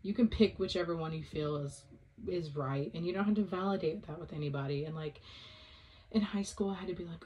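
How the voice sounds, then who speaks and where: Young adult woman, slightly low voice, loose rambling solo-podcast host with casual swearing. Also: fairly quick, warm tone. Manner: rambling, full of "like" and "um", swears freely. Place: at home.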